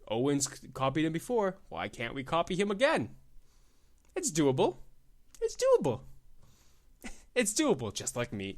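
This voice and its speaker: A young man hosting a solo podcast, excitable and profane, swinging between loud outbursts and low muttering and laughing at his own jokes. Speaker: podcast host. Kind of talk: casual solo podcast rant.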